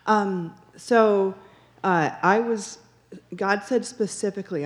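A church member shares a personal testimony, speaking slowly in a medium-pitched voice. She tells her story earnestly, acting out the dialogue she recounts and repeating phrases for emphasis.

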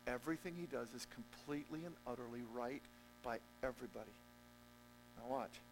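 Gravelly-voiced male preacher, animated. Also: a little hiss or hum, low-quality recording. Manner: animated preaching, swinging from loud emphatic peaks to low quiet stretches; jokey, conversational asides to the congregation. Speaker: pastor. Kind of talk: sermon.

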